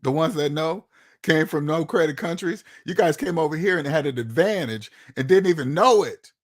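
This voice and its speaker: A man speaks straight to his audience in a loose, unscripted monologue. His voice sits a little high for a man. He presses every point with emphasis, circles back over the same words, and keeps throwing rhetorical questions at the listener. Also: animated, moderate pace. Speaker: channel host. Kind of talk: casual opinion monologue to viewers.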